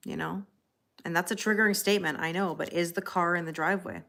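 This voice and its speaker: A woman's voice: fairly low pitch, steady tone, quick pace, gravelly, pushed and bright. A woman reading tarot on a casual live stream, chatting with viewers by name and laughing often. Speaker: tarot reader.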